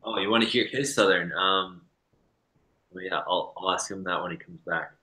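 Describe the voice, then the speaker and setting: Hesitant bright-voiced male stream host. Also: low-pitched, moderate pace. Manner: hesitant, lots of ums, often trailing off quietly. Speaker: livestream host. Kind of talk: live-streamed interview, reading the chat. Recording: echoey room.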